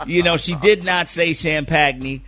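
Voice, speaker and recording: A man hosting a radio show, telling a funny story in an animated, joking way and acting out the voices he quotes. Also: fairly high pitch, measured pace, loud music behind the voice. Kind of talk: comedic storytelling on morning radio. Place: radio studio. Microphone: studio microphone.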